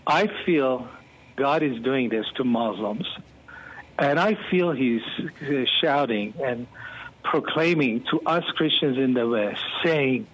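Husky, animated male pastor. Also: mid-range voice, takes it slowly. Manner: animated, bursts into excited exclamations. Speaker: pastor, interview guest. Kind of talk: storytelling interview talk. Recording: muffled lo-fi.

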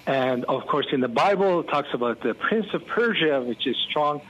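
A man, a pastor being interviewed, telling stories animatedly and given to excited outbursts. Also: fairly high pitch, normal speed, a little hiss or hum. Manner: animated, bursts into excited exclamations. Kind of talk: storytelling interview talk. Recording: muffled lo-fi.

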